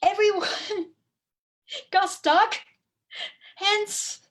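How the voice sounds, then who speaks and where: A woman teaching over a video call, lively and hands-on, humming examples and quizzing her listeners as she goes. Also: very high voice, drawn-out words. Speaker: language teacher and online course presenter. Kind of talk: live webinar talk with demonstration.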